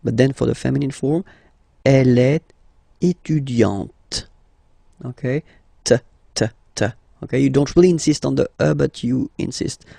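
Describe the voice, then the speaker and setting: A man's voice: medium pitch, gravelly, dark tone, husky, no room sound, studio quality. A man teaching a language lesson, patiently drawing out example words and checking in with "okay?". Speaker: French teacher. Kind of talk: language lesson explaining pronunciation.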